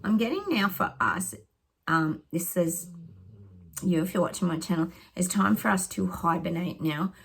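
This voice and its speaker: A woman's voice: lowish voice, moderate pace, gravelly, fairly bright tone, breathy edge. A middle-aged woman psychic giving rambling predictions to her viewers, thinking aloud and often dropping into whispered asides.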